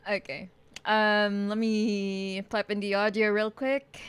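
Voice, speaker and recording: A young woman streaming a watch party, gushing and talking fast, often shrieking with excitement. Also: medium pitch, clean tone, no room sound. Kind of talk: excited casual chat.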